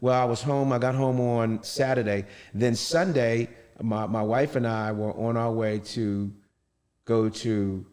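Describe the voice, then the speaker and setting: A middle-aged man telling his own story in an interview, halting and often restarting his sentences. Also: mid-range voice, steady tone, darkish tone. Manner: halting, with many restarts and fillers. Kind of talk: personal storytelling. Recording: long reverb.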